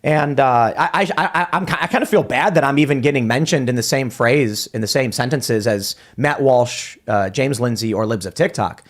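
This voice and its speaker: A man's voice: mid-range voice, normal speed, few pauses. A man hosting a livestream, telling stories in casual chat, rambling with many restarts and fillers. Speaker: livestream host.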